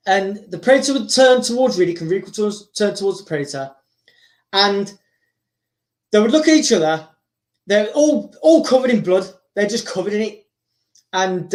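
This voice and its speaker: Guy telling a story, rambly and excitable, kinda high voice, echoey room. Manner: rambling, excitable, repeats and restarts. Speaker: host. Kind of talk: casual storytelling. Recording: roomy echo.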